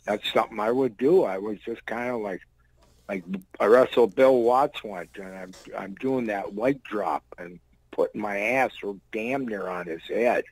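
Here the same kind of guest, an ex-wrestler in his sixties, spins casual, wandering stories with crude, plainspoken wording. He speaks a little slowly in a lowish voice, and the audio is poor but has no echo.

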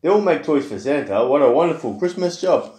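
Woman reading a rhyming kids book, bouncy read-aloud, mellow voice, echoey room. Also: low voice, expressive, brisk. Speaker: parent reading to a child. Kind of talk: bedtime picture-book reading. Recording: roomy home echo.

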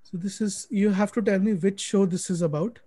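A man runs a live quiz stream in a chatty, brisk way. He rattles through lists of names at speed. He speaks through a computer mic on a video call. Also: high-pitched, fairly even intonation, mellow, husky, no echo. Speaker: quiz host.

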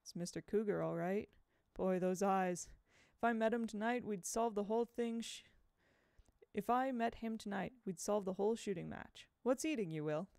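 A woman's voice: mid-range voice, moderate pace, creaky, darkish tone, dry recording, studio quality, natural voice. Woman voicing a cocky, offhand boy.

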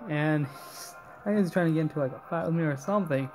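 A young man telling a rambling, animated story while playing a game, full of fillers and asides. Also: fairly high pitch, a little fast, soft background music. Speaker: gaming channel host.

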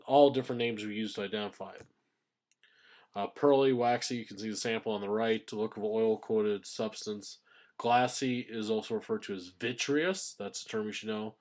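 A man teaching a science class in a recorded lecture, explaining step by step and stressing key terms. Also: lowish voice.

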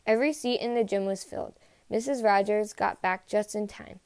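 Picture-book narrator, woman, mid pitch, dry close sound. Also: normal speed, a little mellow, dry recording. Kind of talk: storybook read-aloud.

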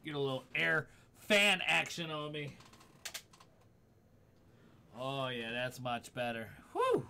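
A man's voice: medium pitch, slow pace, vocal fry, long pauses, pushed and bright, a little hiss or hum. A man streaming a horror game live, swearing freely, startling easily and talking back to his chat. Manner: profane, jumpy, talks back to chat. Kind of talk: live gaming stream commentary. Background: game music.

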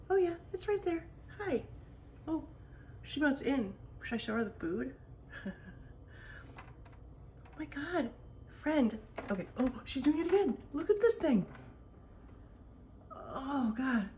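A woman chatters excitedly while filming at home by a window, cooing in baby talk and sometimes hushing to a whisper. Her voice sits a little high for a woman. A faint hum of noise runs underneath. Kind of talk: casual home video commentary.

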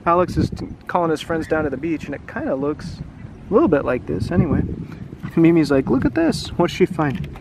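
Chatty male teacher reading a storybook aloud by the sea, slightly high voice, noisy outdoor take. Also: a little fast. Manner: chatty, musing aloud with questions. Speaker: English teacher reading a picture book aloud. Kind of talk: casual storybook read-aloud. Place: outdoor seaside park.

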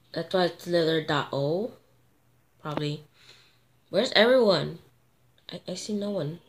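A woman commentating her own gameplay, excitable and gasping at sudden moments, thinking aloud and talking to viewers. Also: fairly low pitch. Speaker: gamer.

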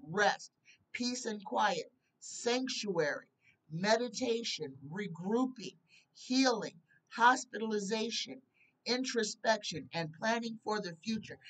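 A woman giving a tarot reading, slowly reading card keywords aloud and earnestly pleading with the viewer. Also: mid-range voice, fairly bright tone, recorded from a distance, rough recording. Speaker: tarot reader.

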